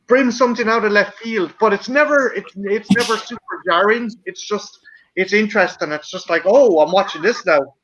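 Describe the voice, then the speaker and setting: An excitable man with a high, bright, sharp voice chats casually, swearing and restarting his sentences. He is on a dull, lo-fi call line from a home mic. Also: a little fast, a little hiss or hum. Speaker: co-host. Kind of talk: casual chat.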